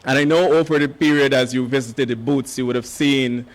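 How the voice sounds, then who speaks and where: A man addresses a ceremony with a hoarse, mid-pitched voice. He speaks formally and deliberately, often pausing on hesitant fillers between phrases. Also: fairly even intonation. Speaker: education official giving remarks.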